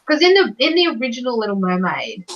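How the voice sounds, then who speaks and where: A woman's voice: on the high side, big pitch swings, fast. A woman co-hosting a casual book discussion, rambling and searching for her words. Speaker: book club co-host. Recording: dull, lo-fi mic.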